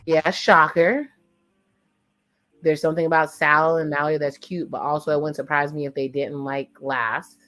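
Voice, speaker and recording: A woman's voice: sits low, little pitch movement, a little fast, hardly any pauses, fairly bright tone. A woman hosting a casual watch-along, chatting in slang and retelling a reality show's dialogue with blunt asides to her viewers. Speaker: watch-along reaction host. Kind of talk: casual reaction commentary.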